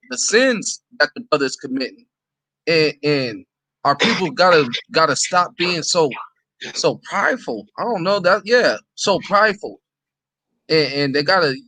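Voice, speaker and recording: Bright-voiced man in casual talk. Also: on the high side, no room sound. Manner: animated, repeats himself, street slang. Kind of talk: casual conversation.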